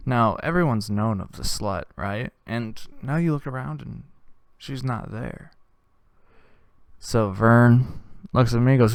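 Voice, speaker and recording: A man hosting a comedy show, telling a crude, rambling story with deadpan delivery. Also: medium pitch, measured pace, creaky, smooth.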